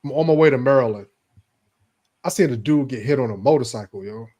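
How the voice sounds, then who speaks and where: A man co-hosting a casual chat show, telling stories in a relaxed, slang-heavy way. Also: mid-range voice, brisk. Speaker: co-host.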